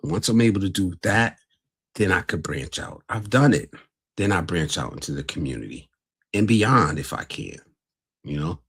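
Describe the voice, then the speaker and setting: Deep husky-voiced man hosting a livestream. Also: animated, moderate pace, a bit bright. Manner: greets chat viewers, blunt and earnest. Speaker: livestream host. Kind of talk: casual livestream talk.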